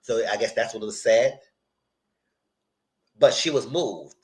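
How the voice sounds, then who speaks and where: A man's voice: medium pitch, unhurried. A man giving a casual live recap of a TV episode, talking straight to his viewers and acting out the characters' lines as he goes. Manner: animated, acts out characters' lines in quotes; chatty, addresses viewers directly. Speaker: TV show reviewer.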